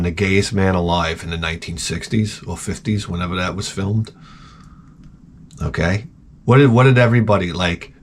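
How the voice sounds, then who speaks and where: A middle-aged man hosts a casual show, spinning rambling, profane stories in a storytelling rant. Whenever he quotes himself, he breaks into loud, high-pitched exclamations.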